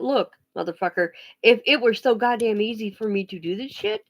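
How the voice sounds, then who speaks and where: A woman ranting bluntly on a casual vlog, swearing freely and often restarting her sentences. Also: a little high. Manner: blunt, profane, emphatic; halting restarts and pauses. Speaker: vlogger.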